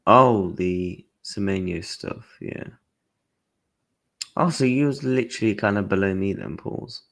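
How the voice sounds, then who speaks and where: Young bloke, low-ish voice, casual football streamer, animated storyteller, blunt and slangy. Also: male voice, measured pace, creaky. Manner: animated storytelling, acting out his own and others' lines; blunt slang with mild swearing. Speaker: football livestream host.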